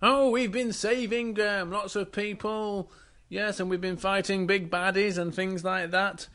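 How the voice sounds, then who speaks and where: A man's voice: high voice, little pitch movement, measured pace, a bit bright. A man voicing a team of cheerful superheroes in a hearty, upbeat voice.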